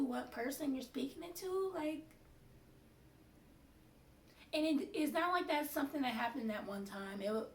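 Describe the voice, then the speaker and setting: A young woman vlogging in a candid, frustrated, chatty way about a bad job. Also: sits high. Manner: candid, frustrated, lots of fillers. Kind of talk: casual venting monologue. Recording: roomy, distant, faint hiss.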